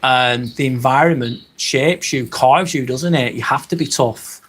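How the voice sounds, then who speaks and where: A man's voice: mid-range voice, unhurried, fairly bright tone. Casual Lancashire man on a livestream. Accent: Lancashire, Northwest England. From Northwest England. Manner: casual, chatty, swears freely. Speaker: livestream host. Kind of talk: live stream chat reading.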